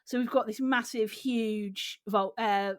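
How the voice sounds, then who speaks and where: A woman's voice: a little high, fairly even intonation, slow pace. A woman co-hosting a podcast, telling a story animatedly and laughing often. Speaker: podcast co-host. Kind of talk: casual chat, storytelling.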